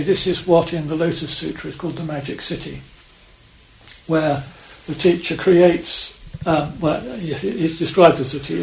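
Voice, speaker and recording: A Zen priest gives a Dharma talk in a slightly high, gravelly voice, feeling his way through each thought with restarts and trailing fillers. He is recorded in an echoey priory hall, and a faint hiss sits under his words. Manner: halting, many restarts and fillers, reflective.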